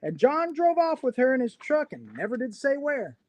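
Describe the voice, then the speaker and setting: A man's voice: fairly high pitch, sing-song, measured pace, darkish tone, slightly rough, heavily acted. A man reading a poem in the voice of a folksy rural pig farmer, with a drawling country twang. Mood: wry.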